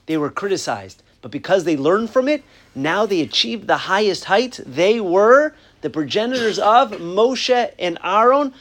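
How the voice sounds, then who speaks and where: Animated high-voiced man teaching Torah. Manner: animated, quoting Hebrew texts and acting out exchanges. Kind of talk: Torah class on the weekly portion.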